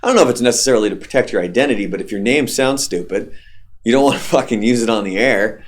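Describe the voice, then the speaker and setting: A man's voice: medium pitch, fast. A young adult man, a radio host, telling stories in casual, profane chat. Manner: loose, profane storytelling.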